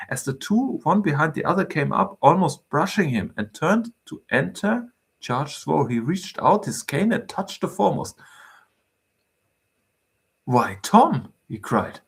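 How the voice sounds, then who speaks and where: Gravelly man reading a novel aloud. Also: a little high. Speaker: reader.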